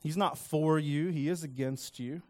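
A man's voice: on the high side, a little slow, mellow. Earnest conversational male preacher. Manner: conversational, earnest, voices quoted lines with rising emphasis. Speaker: pastor. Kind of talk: sermon.

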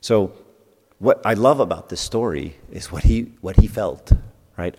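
A man preaches to a youth group in a church hall, telling stories in a loose, conversational way. His voice sits on the low side. He often stops to put questions to the room, and long reverb from the hall trails each phrase. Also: unhurried, darkish tone. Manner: conversational storytelling, asks the audience questions. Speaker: youth speaker. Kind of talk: sermon.

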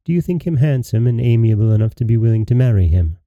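A man's voice: mid-range voice, animated, quick pace, dry recording, phone-quality sound, lightly acted. A regal fairy queen, as a man reads her. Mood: gracious.

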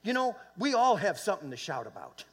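A man with a high voice preaches a sermon in a church. He builds into loud, fervent bursts and calls on the room for amens. He often repeats and restarts words as he goes. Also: very animated, brisk, husky. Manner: fervent preaching with swells of volume and call-and-response. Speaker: pastor. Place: church sanctuary.

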